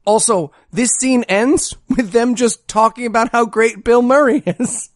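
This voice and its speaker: A man's voice: extremely high pitch, measured pace, dry recording, clean studio sound. A man co-hosting a comedy podcast, laughing and mocking a movie in banter. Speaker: podcast co-host. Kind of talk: casual comedic movie riffing.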